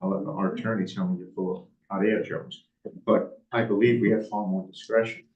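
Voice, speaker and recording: A man's voice: fairly low pitch, fairly even intonation, moderate pace, a little mellow. A man serving on a town board, making blunt, emphatic objections in a public meeting. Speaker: board member. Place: municipal meeting room. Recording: dull, distant, echoey room audio.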